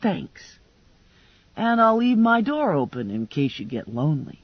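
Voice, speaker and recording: A woman reading an audiobook, voicing a frazzled young woman bounty hunter who turns shrill and self-mocking. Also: very animated, measured pace, breathy edge, dry recording, exaggerated voice. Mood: wry. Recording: dull lo-fi dry recording.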